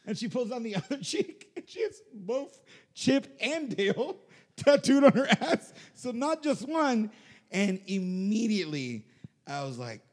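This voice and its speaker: A man hosting a podcast, telling profane stories in casual chat, animated and laughing as he goes. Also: sits high, normal speed. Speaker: podcast host. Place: studio. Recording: long hall reverb.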